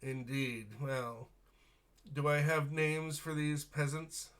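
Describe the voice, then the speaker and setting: A man's voice: a little high, steady tone, takes it slowly, fairly bright tone, voice pushed up. Guy doing a snooty gaunt official, sneers down at everyone. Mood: haughty. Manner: sneering, condescending. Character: haughty gaunt well-dressed man, keep official.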